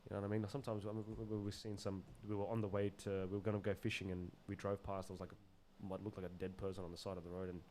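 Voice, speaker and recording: A man telling stories as a podcast guest, animated and loose with slang and swearing, laughing often. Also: sits low, racing, a little hiss or hum. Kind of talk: casual storytelling in an interview.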